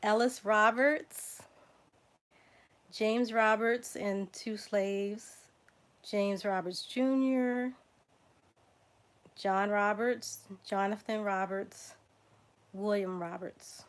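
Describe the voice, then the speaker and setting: A woman with a Southern drawl hosts a relaxed livestream at an unhurried pace. She reads names aloud, spelling some letter by letter, and chats casually with her viewers. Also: medium pitch, smooth. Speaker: genealogy livestream host. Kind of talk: casual livestream reading surname lists.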